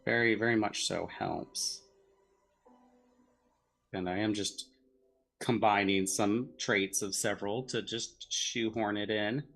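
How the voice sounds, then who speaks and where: A man co-hosting a comedy stream, chatting casually and hesitantly while drawing, with many pauses and restarts. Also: lowish voice, fairly even intonation, creaky, fairly bright tone, soft background music. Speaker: comedy show co-host drawing live.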